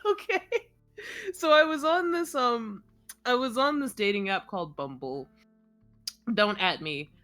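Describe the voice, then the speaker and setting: Giggly young woman with a lively voice. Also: a little high, unhurried, long pauses, faint music behind. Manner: giggly, rambling, animated storytelling. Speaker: co-host. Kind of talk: casual chat.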